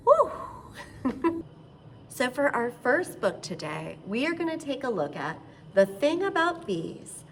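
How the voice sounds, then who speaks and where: A woman leading a children's storytime, gentle and sing-song, with excited gasps as she guides finger rhymes. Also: fairly high pitch, slight background noise. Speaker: children's librarian.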